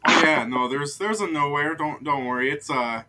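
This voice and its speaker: A man's voice: medium pitch, big pitch swings, a little slow, very noisy. A man putting on a sly shifty watchman. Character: sly shifty male city watchman, smug petty thief.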